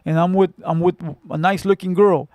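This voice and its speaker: A man's voice: sits high, steady tone, brisk, darkish tone, no echo. A man from Southern California hosting a casual livestream, telling stories bluntly with lots of profanity and street slang. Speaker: livestream host. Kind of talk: casual livestream chat with viewers.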